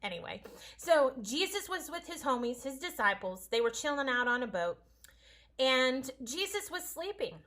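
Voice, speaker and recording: A woman's voice: sits high, sing-song, moderate pace, a bit bright. A woman teaching a casual home-school science lesson, chatty, playful and encouraging.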